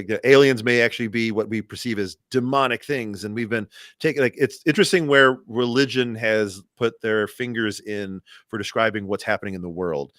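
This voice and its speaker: A man talking in casual podcast chat, rambling and restarting his sentences, often trailing off quietly. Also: on the low side, no room sound, studio quality.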